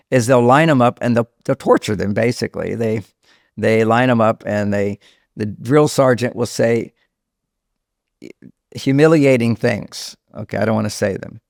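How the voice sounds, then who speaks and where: An older man, a relationship counselor and author, explaining at length in a podcast interview and going hushed when he quotes a scared child. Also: lowish voice, gravelly, no echo, studio quality.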